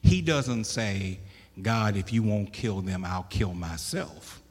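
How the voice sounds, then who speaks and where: A man preaching a sermon, with loud emphatic bursts, stammered restarts and questions to the congregation. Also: on the low side, animated, slow, breathy edge. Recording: echoey hall.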